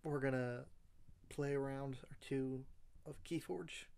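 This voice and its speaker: A man's voice: medium pitch, fairly even intonation, takes it slowly, creaky, a little mellow. A man talking casually in a rambling, self-deprecating video diary with many fillers, sounding congested, recorded in a car. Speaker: vlogger.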